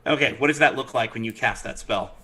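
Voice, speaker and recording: A man narrating as dungeon master of a tabletop game, animated and throwing in character voices. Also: medium pitch, fast, slightly rough, low-quality recording.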